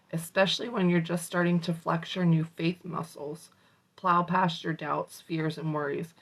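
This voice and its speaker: A woman's voice: low voice, low-quality recording. A woman hosting a morning motivation show, reading a self-help book aloud with casual, salty asides. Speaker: motivational host.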